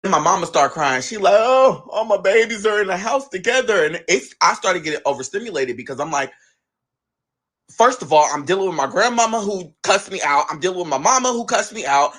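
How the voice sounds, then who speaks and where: A young man casually telling a long family story, animated and quick to act out what each relative said. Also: fairly high pitch, husky. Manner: animated, acts out family members' lines in his own voice. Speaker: guest telling his story.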